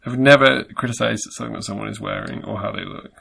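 A man's voice: medium pitch, fairly even intonation, fast talker, vocal fry, bright, forceful tone, breathy edge. A man co-hosting a casual chat, dry and sardonic, teasing his friend. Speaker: podcast co-host.

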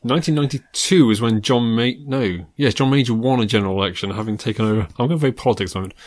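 Dry-humoured podcast co-host. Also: male voice, medium pitch, quick pace, a little mellow. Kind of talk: casual chat.

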